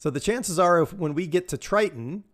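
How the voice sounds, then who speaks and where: A man's voice: high voice, animated, moderate pace. A man rambling casually on a live game stream, answering chat and laughing often.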